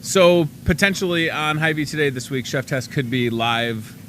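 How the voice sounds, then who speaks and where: A man's voice: a little high, normal speed, a little hiss or hum. A man hosting a live daily talk show, joking around in casual chat with his guests. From Chicago area. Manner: jokey, playful, animated.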